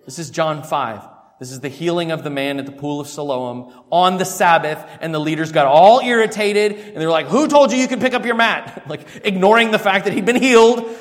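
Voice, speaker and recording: A man preaching in a fairly high voice, talking through scripture like a conversation. He swings from hushed asides to loud, emphatic bursts. His voice rings out with a long reverb, as in a large church hall. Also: a little fast. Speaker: pastor. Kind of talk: expository sermon.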